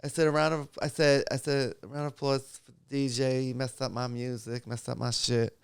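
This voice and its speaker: A middle-aged man, a stand-up comic, telling animated stories in a casual chat and acting out the voices in them. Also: medium pitch, fairly quick, gravelly, smooth.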